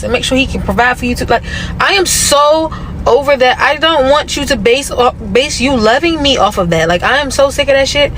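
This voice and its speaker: A man's voice: very high-pitched, a bit bright, slight background noise, low-quality recording. A man ranting to camera from a car, impassioned and repetitive, swearing often. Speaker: social media commentator. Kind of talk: emotional rant to camera.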